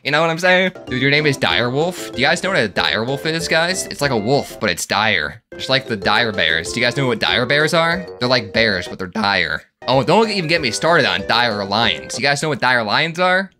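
Excitable joking gaming YouTuber. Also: male voice, mid-range voice, moderate pace, hardly any pauses, over music. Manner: excitable, joking, often laughing. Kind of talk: let's-play commentary.

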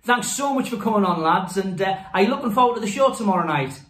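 A man's voice: high voice, animated, fast talker, fairly bright tone, roomy sound. A man hosting a comedy sketch in a cheeky, mock-outraged manner.

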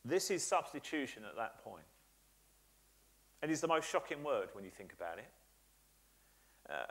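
Earnest pastor preaching. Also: male voice, medium pitch, sing-song, normal speed, gravelly, pauses often, fairly bright tone. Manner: earnest, emphatic, builds points by repetition with frequent "uh" fillers. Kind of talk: sermon. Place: church.

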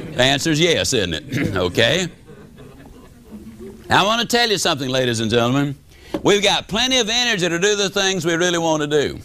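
An older man giving a motivational speech to an audience, telling stories with animated, drawn-out emphasis. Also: high voice. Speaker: motivational speaker.

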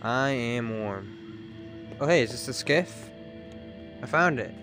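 Excitable young man streaming a game. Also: medium pitch, takes it slowly, music in the background. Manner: excitable, swears freely, talks to his chat. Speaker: livestreamer. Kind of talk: casual live gameplay chatter.

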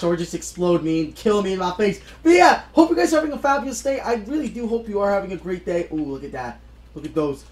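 Young male gaming YouTuber, excitable, lively pitch, roomy recording. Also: quick pace. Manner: excitable, bursts into shouts at the game. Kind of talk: live gameplay commentary. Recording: roomy echoey room sound.

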